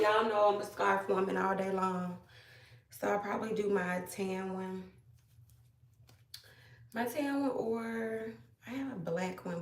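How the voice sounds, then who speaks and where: A woman from Georgia, chatting casually to viewers on a live stream, greeting them by name and a little hoarse after being ill. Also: medium pitch, echoey room, distant mic. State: slightly hoarse after illness. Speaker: livestream host.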